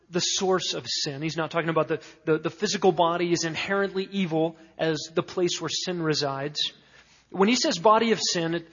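A male preacher expounding scripture with emphatic, building lists of words. His voice sits high and sounds a little husky. The recording is muffled and carries a long hall echo. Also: fairly bright tone. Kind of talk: expository sermon. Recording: dull, echoey hall sound.

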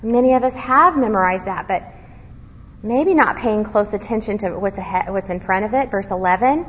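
Woman, Bible teacher, earnest, quizzes the listeners, soft low on key words, dull lo-fi sound, long hall reverb. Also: normal speed, a little hiss or hum.

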